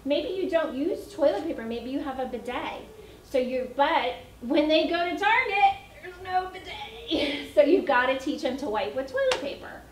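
A woman's voice: sits high, slight background noise. A middle-aged woman, an early childhood educator, telling potty-training stories to parents in a chatty way with laughter. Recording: echoey room, mic at a distance.

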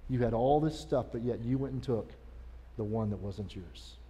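A man playing an aging king who gives his son fatherly, confessional advice in a slow, reflective way. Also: mid-range voice, dark tone, slight background noise, pitched below the performer's own voice, close to an everyday voice. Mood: remorseful. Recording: long church reverb.

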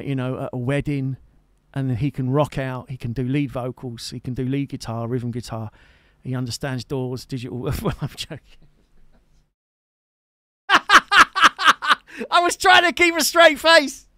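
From a home streaming setup, a guitarist hosts a live music stream, teasing and joking with viewers in casual chat sprinkled with fond asides. His medium-pitched, slightly mellow voice has little pitch movement and normal speed, with studio-quality sound and no echo.

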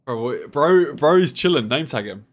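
A young man, bossy and excitable in banter with slang. He talks slowly, with a pitch that swings widely. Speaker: gamer. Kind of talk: casual gaming chat.

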